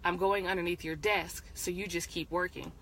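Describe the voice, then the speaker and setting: Soft, seductive secret lover, read by a woman in her own voice. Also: fairly low pitch, steady tone, normal speed, poor audio. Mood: tender.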